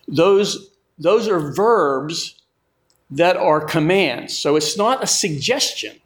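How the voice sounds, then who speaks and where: Slow, emphatic male preacher. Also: a little high, expressive. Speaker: pastor. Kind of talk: sermon.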